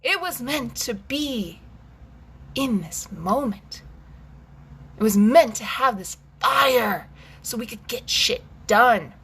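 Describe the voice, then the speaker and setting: Intense, bright-voiced woman breathwork coach. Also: on the high side, animated, takes it slowly, husky. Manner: intense, emphatic, swears freely. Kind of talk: guided scream and breathwork session.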